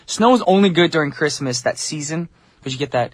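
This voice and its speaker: On a studio mic with no echo, a male radio host with a fairly high, animated voice runs a morning show. He keeps things casual and cheerful with listeners, chatting away and dropping fast asides.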